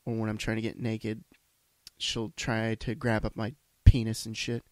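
A man's voice: fairly low pitch, completely flat delivery, moderate pace, darkish tone, no echo. A man hosting a solo podcast, congested from a sinus issue, rambling in a profane, self-deprecating way. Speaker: podcast host. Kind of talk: solo casual monologue. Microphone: podcast microphone.

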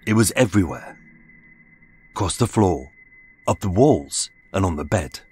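A man narrating a true-crime story in a measured, dramatic scripted style. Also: deep voice, expressive, a little mellow, husky. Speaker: podcast narrator. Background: faint music.

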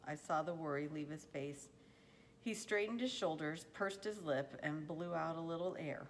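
Woman reading a book out loud, low voice, unhurried, slight hiss behind. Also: rough recording. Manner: steady, unhurried storytelling. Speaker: audiobook reader. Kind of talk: reading a novel aloud.

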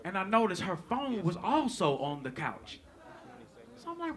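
A man doing stand-up comedy, telling a story in an animated, profane way and acting out the lines of people in it. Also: high-pitched, unhurried. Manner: animated, profane, acts out quotes.

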